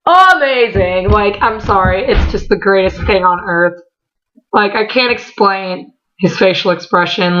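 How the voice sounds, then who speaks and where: A young woman telling a story in a casual vlog, rambling with lots of "like" fillers, bursts of excitement and laughter. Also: mid-range voice, dull audio. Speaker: vlogger.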